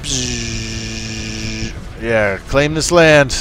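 A man's voice: on the low side, extremely slow. Man, gameplay commentary, goofy, talks to his units, faint game music behind. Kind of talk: casual let's play commentary.

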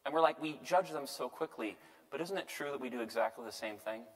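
A man, a priest, giving a casual Bible lecture, lively and joking, often tagging lines with "right?" and acting out quotes. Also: medium pitch, brisk. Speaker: priest teaching a Bible class. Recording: echoey hall reverb.

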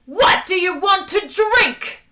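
Woman putting on a yelling male officer, high and strained, loud, bright. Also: animated, a little fast, full character voice. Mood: bellowing. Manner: yelling, squealing, hissing.

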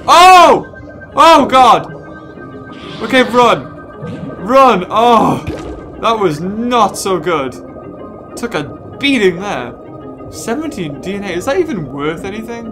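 A gaming host giving excitable let's play commentary, full of squealing exclamations. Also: mid-range voice, slow, long pauses. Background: game music.

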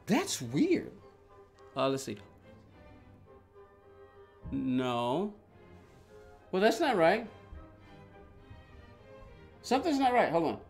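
A man's voice: fairly high pitch, wildly swooping pitch, extremely slow, long pauses, faint music behind. A man streaming a racing game live, telling a rambling story with many restarts and answering his chat as he goes. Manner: reads and answers chat aloud. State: agitated while recounting.

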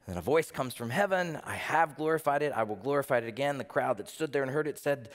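A man preaching a sermon as pastor, animated, firing off rhetorical questions with a lift in his voice. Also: mid-range voice, quick pace, few pauses, big-room sound. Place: church.

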